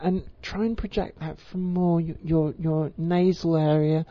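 A woman giving an informal voice tutorial, with crisp, careful enunciation and frequent ums. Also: deep voice, fairly even intonation, unhurried, no echo. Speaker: voice coach. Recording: slightly muffled lo-fi recording.

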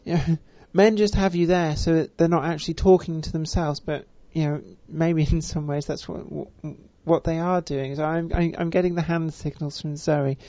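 A voice coach, speaking with deliberately stretched vowels and a careful, refined pronunciation, with frequent fillers. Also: female voice, deep voice, fairly even intonation, mellow, no room sound. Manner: measured, elongated vowels, many fillers. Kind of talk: spoken voice lesson. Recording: dull, dry recording.

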